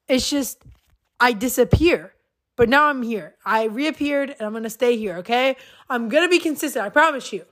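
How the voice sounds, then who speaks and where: A young woman hosting her own podcast, talking casually in a chatty, rambling, excitable way. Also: a little high. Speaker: podcast host. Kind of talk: casual solo podcast chat.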